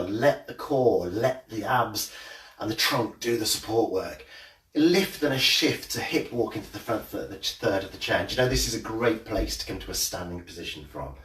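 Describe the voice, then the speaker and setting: A man leading a live-streamed movement class from his home, greeting viewers by name with jokes before calmly cueing posture and exercises. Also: mid-range voice, echoey room, distant mic. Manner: chatty, jokey greetings to viewers, then steady cueing. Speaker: fitness instructor. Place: home room.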